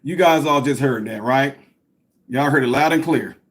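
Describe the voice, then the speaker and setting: A man's voice: mid-range voice, moderate pace. A man hosting a reaction commentary, mocking a clip and talking straight to his viewers. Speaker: commentary channel host.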